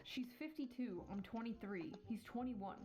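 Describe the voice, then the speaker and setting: A woman giving sarcastic reaction commentary in a deadpan, sardonic way, swearing casually. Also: on the high side, normal speed.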